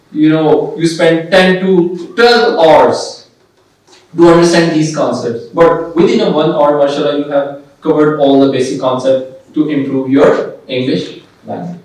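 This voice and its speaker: A man's voice: a little high, steady tone, measured pace, a little mellow. A man teaching an English class, quizzing the class and answering his own questions. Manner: asks the class questions and answers them himself. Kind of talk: classroom lecture. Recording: echoey room, voice from far off.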